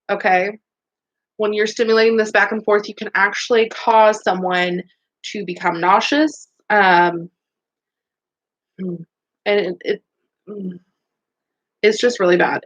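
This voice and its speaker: A woman's voice: medium pitch, fairly bright tone. Woman beauty school instructor, upbeat and encouraging, casual online quiz review, slightly muffled lo-fi sound. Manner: upbeat, encouraging, chatty with fillers.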